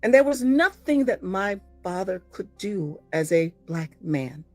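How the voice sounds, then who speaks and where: An older American actress giving a blunt, profane, impassioned monologue to her followers, swinging from low murmurs to loud exclamations. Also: big pitch swings, a little slow, no echo, soft background music. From United States.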